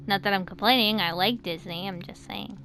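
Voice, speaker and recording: A woman's voice: mid-range voice, unhurried, bright, forceful tone, slight background noise. An American woman hosting a casual chat, talking in loose sentences full of fillers and restarts. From United States. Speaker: host.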